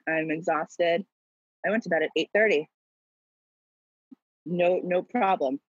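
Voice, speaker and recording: A young woman with a husky, slightly low voice tells a personal story with lively, dramatic flair and frequent laughter. The recording sounds dull and dry. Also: unhurried, no room sound. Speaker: guest telling a story.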